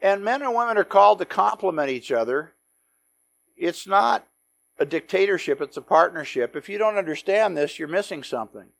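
A man teaching a Bible study, telling the stories in a lively way, acting out the quotes and adding joking asides. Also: high-pitched, moderate pace, creaky. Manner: animated storytelling with acted-out quotes and joking asides.

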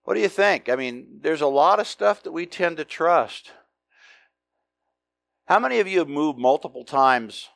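A middle-aged pastor from the United States preaching a conversational, emphatic sermon full of rhetorical questions. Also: male voice, fairly high pitch, expressive, normal speed, vocal fry, fairly bright tone, no room sound.

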